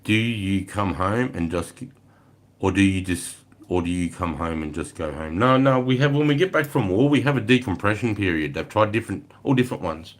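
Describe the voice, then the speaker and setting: A middle-aged man with an Australian accent and a very low voice tells army stories on a casual livestream. He talks bluntly and swears constantly, rambling from one story to the next. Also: expressive, moderate pace. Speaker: livestream host, army veteran.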